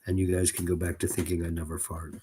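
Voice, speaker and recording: A man's voice: sits low, flat delivery, quick pace, warm tone, a little hiss or hum. A man reading a story aloud at home, breaking off for chatty asides and fond talk to his cat; he says he is feverish. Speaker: reader and streamer. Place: home room at a desk.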